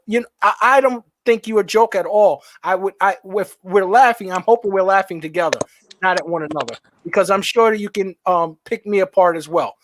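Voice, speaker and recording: A man with a New York accent runs a call-in livestream show. His voice sits high, and he teases his guests while stammering through restarts. A faint hiss runs under the recording. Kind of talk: casual call-in chat.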